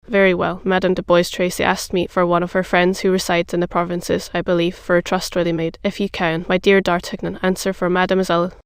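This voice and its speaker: A refined, courteous musketeer who chooses his words with care, voiced by an audiobook narrator. The tone is smooth and clear with a gravelly grain, and the pitch hardly moves. It is recorded close and dry. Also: monotone, a little fast, hardly any pauses, dry recording. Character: courteous male musketeer, refined and well connected.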